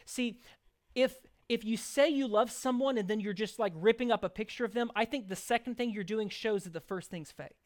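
A man's voice: sits high, brisk. A man preaching a sermon, earnest, shifting into chatty asides and playful acted examples. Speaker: pastor.

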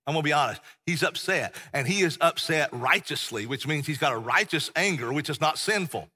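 A middle-aged pastor preaches with passion and folksy emphasis. His voice is bright and husky. It carries a long reverb through the church. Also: on the high side, animated, a little fast. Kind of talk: sermon. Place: church sanctuary.

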